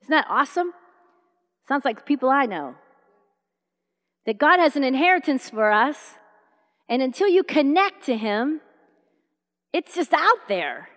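A woman's voice: sits high, a little slow, pauses often, big-room sound. A middle-aged woman preaching a sermon, telling stories and acting out the dialogue. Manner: animated storytelling, acting out dialogue.

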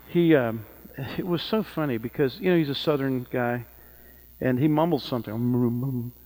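A man's voice: medium pitch, unhurried, a little mellow, poor audio. A middle-aged man preaching a sermon, telling stories with rising fervor. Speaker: pastor.

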